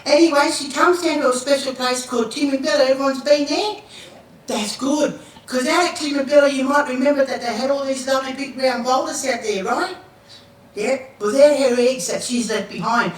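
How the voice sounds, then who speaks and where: An older Australian woman gives a Welcome to Country to an audience, telling a creation story in a relaxed, rambling way and asking listeners to repeat words after her. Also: sits high, brisk. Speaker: Aboriginal elder giving a Welcome to Country. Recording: echoey hall from far off, faint noise.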